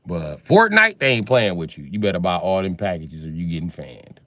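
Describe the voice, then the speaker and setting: A man's voice: low voice, big pitch swings, normal speed, fairly bright tone, dry recording. A man in his forties chatting casually on a livestream, answering viewers with profane, slangy, joking banter. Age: 40s.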